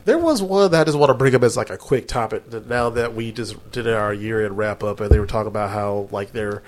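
A man's voice: fairly low pitch, fairly quick. A man co-hosting a casual podcast chat, swearing freely and laughing often as he talks. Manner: profane, laughs often, animated. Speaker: podcast co-host.

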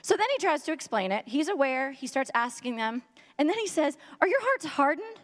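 A woman's voice: sits high, very animated, a little fast, big-room sound. A woman giving a humorous, casual sermon, chatty and joking with lots of filler words. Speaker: preacher.

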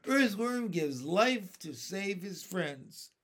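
A man voices an earnest, admiring female spider in a storybook, heavily acted and pitched above his own natural voice. The result is high and fairly bright, with big pitch swings and a slow pace.

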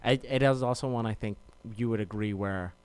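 Low, smooth-voiced man giving his opinion. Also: fairly quick. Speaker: podcast co-host. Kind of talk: casual chat.

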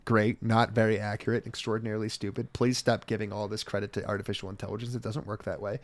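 A man's voice: on the low side, flat delivery, fast. Sarcastic, swearing man ranting. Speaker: podcast co-host. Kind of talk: casual chat.

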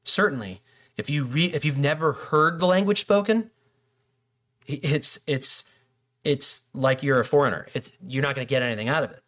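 A man's voice: mid-range voice, moderate pace, fairly bright tone. A middle-aged male pastor preaching a casual sermon, joking and acting out little dialogues between people. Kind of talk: conversational sermon.

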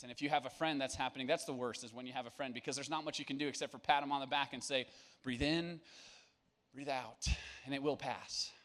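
A man's voice: mid-range voice, a bit bright. A young man preaching to young people at church, casual and joking, then turning earnest. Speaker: youth pastor.

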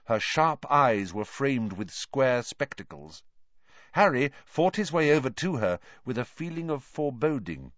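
A man narrating a storybook reading in an expressive, animated way. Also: medium pitch, a little slow, no room sound. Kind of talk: audiobook reading. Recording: dry, dull lo-fi.

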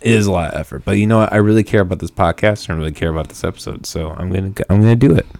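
Low-voiced joking male podcast host. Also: very fast, gravelly, darkish tone, no echo. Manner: jokey, self-mocking, laughs often. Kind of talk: casual chat.

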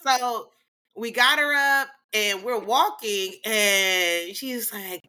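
A woman co-hosting a casual podcast, telling a story in an animated, slangy and profane way, laughing often and acting out what people said. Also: mid-range voice, takes it slowly. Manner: animated, laughs often, acts out quoted voices. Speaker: podcast co-host.

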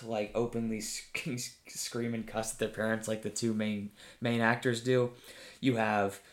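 A man's voice: mid-range voice, roomy sound. A man talking casually and enthusiastically about a film he loves, rambling, laughing often and swearing freely. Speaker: vlogger reviewing a comedy film. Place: home room with his dog nearby.

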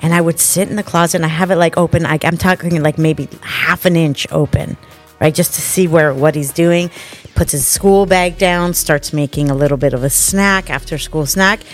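A middle-aged woman co-hosting a casual podcast chat, telling stories with loud acted-out quotes, big laughs and lots of swearing. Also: low-pitched, normal speed, soft background music. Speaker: podcast co-host. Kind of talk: casual chat, animated storytelling.

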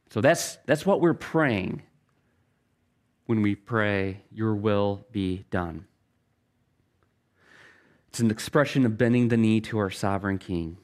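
Delivering a sermon as pastor, a middle-aged man with a lowish voice speaks earnestly through stories. He slows his pace whenever he reaches key phrases.

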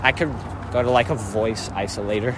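A man's voice: lowish voice, a little fast. A young man co-hosting a podcast, chatting crudely and joking while walking outside on a city street. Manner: crude, joking, tells jokes with put-on voices. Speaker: podcast co-host. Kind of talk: casual chat while walking outdoors. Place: city street outdoors with traffic. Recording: street noise behind.

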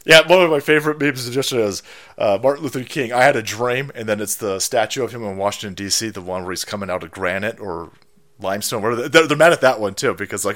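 A man's voice: on the low side, fast, a bit bright. A man hosting a stream, ranting and mocking in a foul-mouthed commentary style. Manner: foul-mouthed, mocking, acts out silly voices. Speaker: streamer host.

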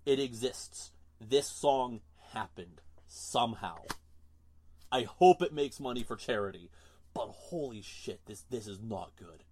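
A man's voice: medium pitch, expressive, unhurried, darkish tone, husky. A man co-hosting a casual podcast, ranting in an exasperated, emphatic way. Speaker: podcast co-host.

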